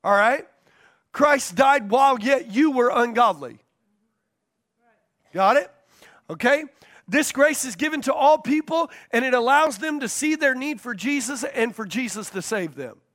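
A pastor teaching a sermon, stressing key points by repeating them and checking in with the congregation. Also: male voice, very high-pitched, expressive, measured pace, fairly bright tone.

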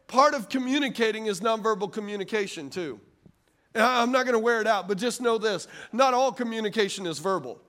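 A middle-aged man preaching a sermon as pastor, animated and conversational, with asides to the congregation. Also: high-pitched.

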